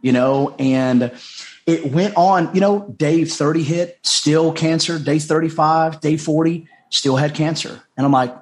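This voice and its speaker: Speaking a little slowly in a voice on the high side, a middle-aged American man tells a personal story as a guest on a podcast. A life coach by trade, he is sincere and heartfelt, tends to repeat himself, and performs quoted lines as he recounts them.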